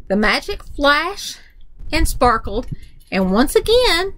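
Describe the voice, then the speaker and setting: A woman reading a children's picture book aloud, full of animated storytelling. Her voice sits high and swoops through a very wide, expressive range. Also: takes it slowly, poor audio.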